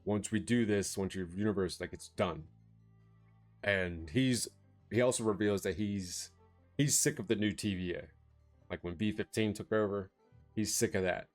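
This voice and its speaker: A man's voice: lowish voice, normal speed, soft background music. A man casually recapping a movie plot for a review vlog, rambling with lots of fillers. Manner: rambling, filler-heavy, laughs while retelling.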